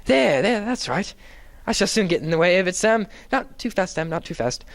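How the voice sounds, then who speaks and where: A man voicing a timid, flustered gentleman in a dramatic reading, with a quavering, pleading manner that jumps high in alarm. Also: lively intonation, moderate pace, gravelly. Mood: panicky.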